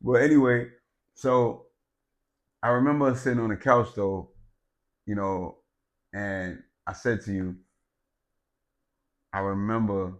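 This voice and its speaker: A man telling a personal story in casual chat, animated, swearing and laughing, swinging from loud outbursts to low, quiet stretches. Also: slow pace, long pauses. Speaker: podcast co-host.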